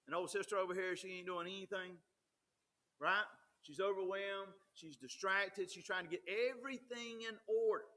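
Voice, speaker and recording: A man's voice: sits high, a little slow, sharp tone. A man, preaching a folksy, conversational sermon with frequent restarts. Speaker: pastor.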